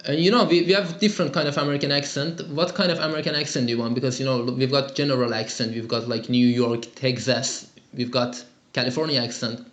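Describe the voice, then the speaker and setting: A man's voice: mid-range voice, fairly even intonation, fast, hardly any pauses, fairly bright tone, roomy sound. A man teaching an English lesson and answering students' calls in an upbeat, chatty way, with lots of fillers. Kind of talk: live lesson and call-in Q&A.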